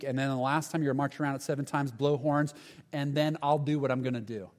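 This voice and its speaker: A man's voice: a little high, steady tone, fast talker, a little mellow. Man preaching in an echoing hall. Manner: conversational preaching, acts out Bible dialogue. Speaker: pastor. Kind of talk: sermon. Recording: long reverb of a large hall.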